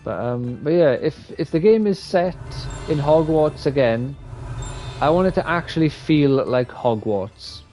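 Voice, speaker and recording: Male streamer, live game commentary: mellow tone, loose and profane, with faint music underneath. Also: a little high, lively intonation, unhurried. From Wales. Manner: rambling, profane, opinionated.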